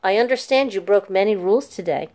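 A woman's voice: medium pitch, fast, darkish tone, close to an everyday voice. Woman reading as a stiff fussy caretaker man. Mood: stern. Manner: formal and clipped.

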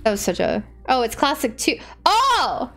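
A young woman streamer gushing over a game's new character looks, gasping and squealing with excitement, with music playing in the background. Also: fairly high pitch, a little fast, gravelly. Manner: gushing, squealing, frequent gasps and shouts. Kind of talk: excited gaming stream chat.

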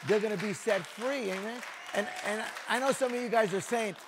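A middle-aged man preaching a lively, folksy sermon as a pastor, joking with the congregation and swinging between soft and loud. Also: high-pitched, fairly quick, a crowd in the background, noisy background. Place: church sanctuary before a congregation.

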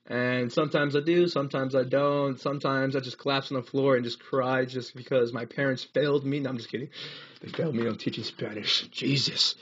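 A man's voice: medium pitch, steady tone, brisk, a bit bright, dull audio, slight background noise. A young American man chatting on a casual live gaming stream, rambling, laughing often and reading chat aloud. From United States. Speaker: livestreamer.

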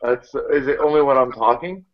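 A man's voice: medium pitch, brisk. A man hosting a live video hangout, laughing hard and swearing freely. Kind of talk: casual chat. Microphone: video call. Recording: slightly dull video call audio.

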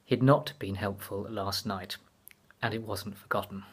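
Husky man reading a mystery. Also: fairly low pitch, fairly even intonation, measured pace. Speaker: author. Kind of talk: reading his novel aloud.

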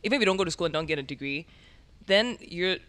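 A man, chatting casually in a quick, upbeat way. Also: high-pitched, animated, bright, forceful tone, no room sound. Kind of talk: casual chat.

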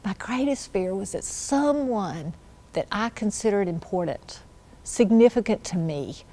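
A woman giving a personal faith testimony at church, telling her story earnestly and dropping to a hush when she quotes her prayers. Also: mid-range voice, expressive, a little slow.

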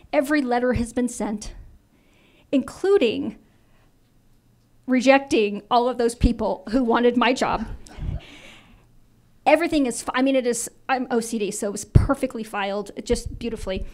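Animated woman telling a story on stage. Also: fairly high pitch. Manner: animated, acts out quoted dialogue. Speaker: invited speaker. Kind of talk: storytelling talk to an audience.

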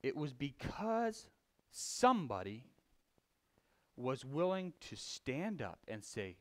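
A man preaching a conversational sermon, telling a folksy story with frequent restarts and swinging between loud emphasis and quiet confession. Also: medium pitch, very animated, slow. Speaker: lay preacher.

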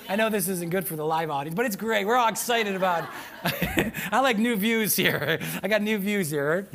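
A male pastor preaching a sermon to a church congregation, animated and often breaking into shouts. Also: high voice, normal speed, vocal fry, slight background noise. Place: church sanctuary with live audience.

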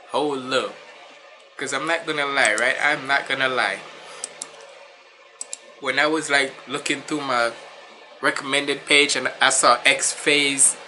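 A man's voice: mid-range voice, sharp tone, a little hiss or hum, poor audio. A man hosting a casual music reaction, talking in a laid-back, rambling way, sounding nasal and stuffy from a cold.

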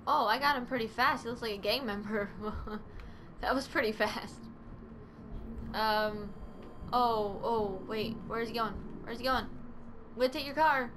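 Giggly, chatty woman gamer with higher pitch. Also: a little slow, noisy background. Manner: chatty, giggly, frequent laughs; excitable playful exclamations. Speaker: gaming channel host. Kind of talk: let's play commentary.

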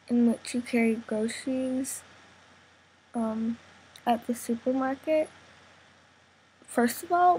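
Young woman, relaxed vlogger, unhurried delivery, light hiss on the camera mic. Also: fairly high pitch, poor audio. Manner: casual, chatty, says "like" a lot, giggly. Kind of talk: reading a word list for an accent tag.

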